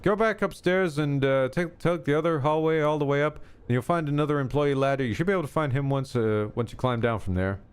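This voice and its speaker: A man's voice: on the high side, a little fast, few pauses, clean tone, close to an everyday voice. A man voicing a harried, bossy male worker in a video game, reading the lines aloud in a lifted voice. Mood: hurried.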